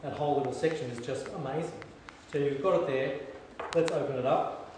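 A man preaching a sermon, telling stories with lively humor and dropping to soft, hushed emphasis. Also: medium pitch, a little fast, background noise. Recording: echoey hall, distant mic.

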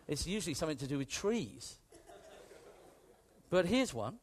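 A British man preaching a sermon with a British accent, in an animated, conversational way that swings from hushed to emphatic. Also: fairly high pitch, measured pace, slight background noise. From Britain.

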